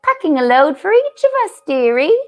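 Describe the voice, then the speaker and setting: A woman voicing a bustling, motherly female beaver in a storybook reading, in a brisk, bossy way, with a lilt that drifts between Irish and English. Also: fairly high pitch, huge pitch swings, dull audio.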